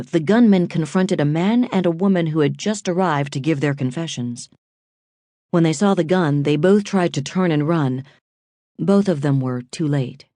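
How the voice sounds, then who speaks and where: A woman narrating a crime thriller audiobook in a measured, suspenseful reading. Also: low-pitched, darkish tone, dry recording.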